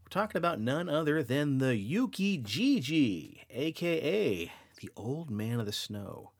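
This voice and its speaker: A man hosting a podcast who tells spooky folklore with a lively, swinging voice. He keeps it playful and teases his co-host, in an average register. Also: mid-range voice, a little slow, husky. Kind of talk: casual folklore storytelling.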